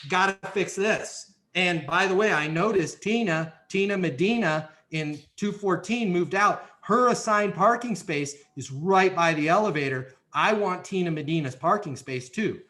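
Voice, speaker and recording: A man's voice: high-pitched, normal speed, hardly any pauses, sharp tone. A man voicing a pushy male apartment tenant who makes complaints in a role-played example. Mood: demanding.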